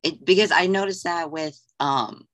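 A woman's voice: sits low, normal speed. A woman co-hosting a podcast, chatting casually and mostly giving short, agreeable replies. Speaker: podcast co-host. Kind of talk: casual chat.

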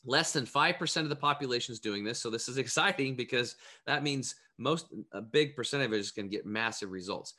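Man, health coach, bright forceful voice, animated casual storytelling. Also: mid-range voice, brisk, hardly any pauses. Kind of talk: casual chat.

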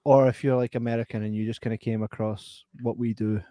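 A man's voice: mid-range voice, level tone, fast talker, mellow, no room sound. Scottish guy on a podcast, swears a lot, reads out chat, dry close mic. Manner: sweary, jokey, reads viewer comments aloud. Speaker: podcast co-host. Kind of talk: casual late-night podcast chat.

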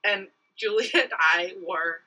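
A woman co-hosting a podcast, telling a story in casual chat with an animated manner, frequent laughs and "like" fillers. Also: fairly low pitch, a little slow, poor audio. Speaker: podcast co-host.

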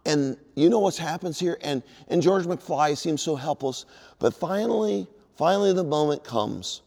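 A man's voice: a little high, animated, moderate pace, creaky, a little mellow, long reverb tail. A man preaching a sermon, reading scripture aloud with emphatic delivery. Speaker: pastor.

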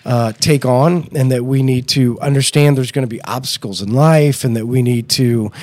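A man's voice: mid-range voice, moderate pace, darkish tone, dry recording. A man hosting a church podcast in casual chat, rambling and teasing, laughing often.

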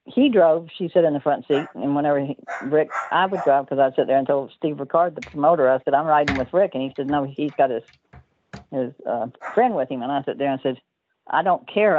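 A woman's voice: low-pitched, normal speed. An older woman telling stories as an interview guest, rambling and laughing often mid-sentence, heard over a tinny phone line.

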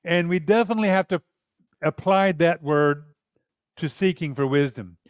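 A man's voice: fairly high pitch, normal speed, no room sound. A man preaching a sermon in an earnest, emphatic way, often acting out prayers.

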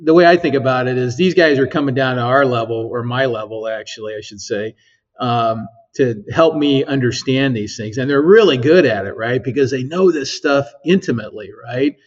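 Male engineer, casual interviewee; middle pitch, meandering delivery full of fillers, slightly dull recording. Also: normal speed. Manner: rambling, many ums and tag 'right?'. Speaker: engineer at a physics lab.

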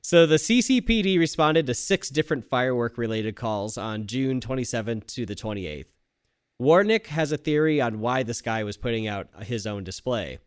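A woman's voice: very deep voice, expressive, normal speed, smooth, no echo, studio quality. A woman co-hosting a casual podcast, reading odd news stories aloud and laughing along. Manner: laughing, shouting quoted lines for comic effect. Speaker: podcast co-host.

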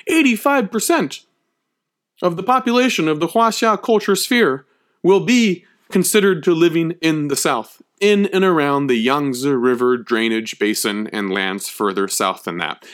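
A man giving a history lecture, emphatic and conversational, checking in often with his listeners. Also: fairly high pitch. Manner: emphatic, checks in with frequent "okay?".

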